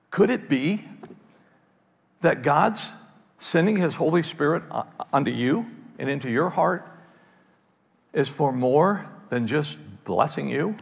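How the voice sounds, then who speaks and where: A male pastor preaching a sermon in a lively, conversational way, often restarting phrases, with a gravelly, husky voice. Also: fairly high pitch, unhurried, pauses often, in a large hall. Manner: animated, conversational preaching with repeated starts. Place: large church hall.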